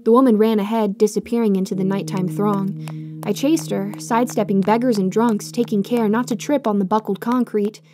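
A woman narrates a scripted horror story in a measured, hushed, suspenseful manner. Her voice is medium-pitched and steady in tone.

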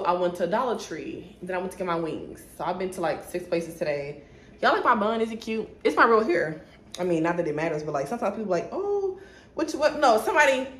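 A young woman, chatting casually to viewers about her shopping haul at home. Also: medium pitch. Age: 20s. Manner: chatty, talks straight to viewers, sidetracked. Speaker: vlogger. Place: at home, indoors. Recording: echoey room with faint noise.

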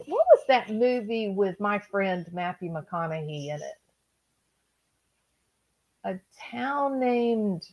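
Slow-talking woman streamer. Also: lowish voice, dry recording, rough recording. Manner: chatty, joking, talks to viewers. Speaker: livestream host. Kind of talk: casual chat.

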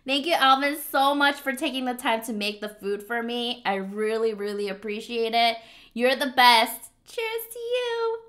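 A woman's voice: fairly high pitch, fairly even intonation, moderate pace, fairly bright tone. A woman hosting a casual eating vlog, chatty and playful, with eating sounds close on the mic. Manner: chatty, playful, cutesy meowing. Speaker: mukbang host. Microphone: close mic picking up eating sounds.

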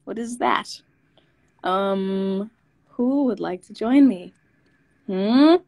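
A young woman hosting a casual livestream, soft-spoken and laid-back, giggling now and then as she chats into her phone. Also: mid-range voice, drawn-out words, dry recording. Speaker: livestream host. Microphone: phone held close.

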